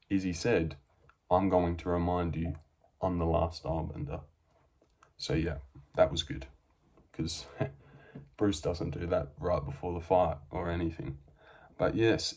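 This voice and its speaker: A man's voice: low voice, mellow, breathy edge. A man giving casual, profane, mocking reaction commentary, reading from his own notes.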